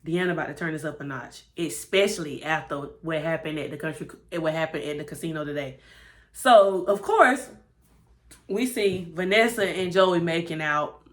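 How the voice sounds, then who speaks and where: A woman giving a chatty, animated recap of a TV episode and acting out the characters' lines. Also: low-pitched, moderate pace. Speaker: TV show reviewer.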